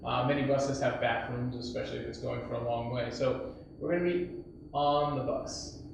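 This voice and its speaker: A man teaching an English grammar lesson, explaining patiently and acting out shouted examples. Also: medium pitch, steady tone, normal speed, vocal fry. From United States. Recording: echoey, distant, dull lo-fi sound with faint hiss.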